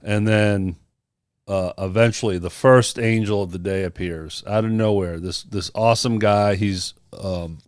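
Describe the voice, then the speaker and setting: A man's voice: on the low side, steady tone, a little slow, clear, resonant tone, no echo, clean studio sound. A man on a podcast telling a personal story in casual chat, acting out the people he quotes. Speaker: podcast co-host.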